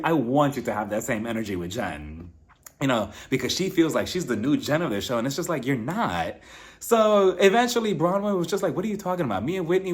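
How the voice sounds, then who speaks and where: Animated young man recapping reality TV. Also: medium pitch. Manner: animated, mocking, acts out quotes with laughs. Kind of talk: casual opinionated recap.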